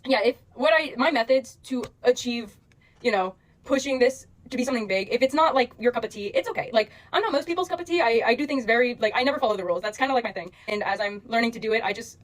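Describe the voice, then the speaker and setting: A woman's voice: a little high, quick pace, poor audio. A young woman talking straight to her followers, earnest and emotional, rambling through plenty of fillers as she asks for patience. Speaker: social media creator. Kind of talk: direct-to-camera address to followers.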